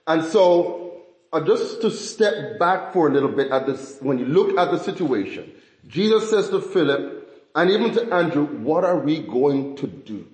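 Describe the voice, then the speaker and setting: A man with a fairly high voice teaches scripture in a relaxed sermon style. He talks conversationally and often puts questions to his listeners. His voice carries a noticeable room echo. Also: moderate pace. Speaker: Bible teacher. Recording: roomy echo.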